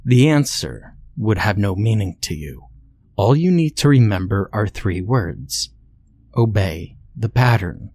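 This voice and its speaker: A man voicing a cold, controlling faceless entity, speaking in slow, flat commands in a scripted horror narration. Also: lowish voice, no room sound. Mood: cold commanding.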